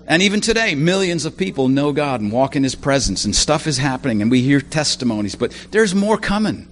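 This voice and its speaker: A man's voice: medium pitch, sing-song, brisk, a little hiss or hum. A man preaching a sermon in a conversational way, full of asides and personal stories.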